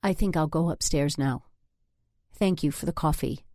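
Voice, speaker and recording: A grieving sixteen-year-old girl in a storybook scene, hesitant and on the edge of tears, voiced by a woman. Her voice sits above the narrator's low register, and the recording is dry and close. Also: moderate pace, dark tone, no echo. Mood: flat. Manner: hesitant, tearful. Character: teenage girl, grieving and uneasy.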